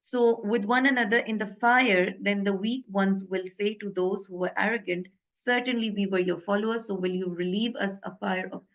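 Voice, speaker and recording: A woman teaches a grammar lesson in a casual online class. She pauses often, with many fillers and self-corrections, at a mid pitch. The audio is slightly dull and lo-fi. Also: steady tone.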